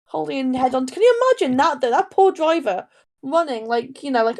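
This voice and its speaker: A woman from Newcastle with a Geordie accent, co-hosting a podcast in casual, expressive chat. Her throat is sore, and she laughs easily. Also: high voice. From Newcastle, England. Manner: chatty, expressive, quick to laugh. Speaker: podcast co-host.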